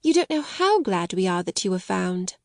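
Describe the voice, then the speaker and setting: A woman reading the part of a warm-hearted young girl, eager and kind. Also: lowish voice, very animated, moderate pace, creaky, no room sound, studio quality. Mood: glad.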